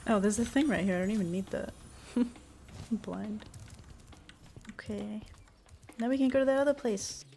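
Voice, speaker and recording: A woman's voice: medium pitch, moderate pace, creaky, long pauses, dark tone, slight background noise. A woman streamer chatting casually and laughing as she plays a video game. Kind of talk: casual gameplay commentary. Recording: game music behind.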